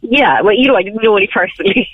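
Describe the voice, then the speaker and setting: A woman's voice: medium pitch, lively intonation, fast, slightly rough. A young Irish woman co-hosting a radio chat, chatty and laughing often as she tells stories. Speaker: radio co-host. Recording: tinny phone-like radio line.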